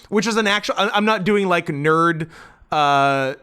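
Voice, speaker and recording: A man's voice: fairly high pitch, lively intonation, slow, bright, forceful tone, clear, resonant tone. A young man co-hosting a podcast in casual banter, rambling and trailing off, laughing often. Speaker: podcast co-host.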